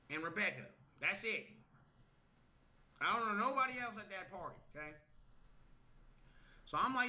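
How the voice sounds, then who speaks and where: A man tells a long story to his livestream audience in a loose, casual way. His voice sits high and sounds very bright and sharp. He swears freely, plays out what each person said, and keeps checking in with "okay?". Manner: tags lines with "okay?", swears, acts out quotes.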